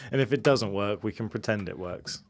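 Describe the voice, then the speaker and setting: A man's voice: fairly low pitch, brisk, slight background noise. A man co-hosting a podcast, chatting casually and joking, laughing easily. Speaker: podcast co-host. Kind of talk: casual chat.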